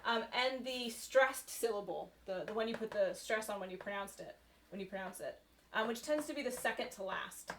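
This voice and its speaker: A woman's voice: mid-range voice, moderate pace, a bit bright, slight background noise. A woman giving a recorded university lecture in a conversational way, with frequent fillers and "right?" tag questions.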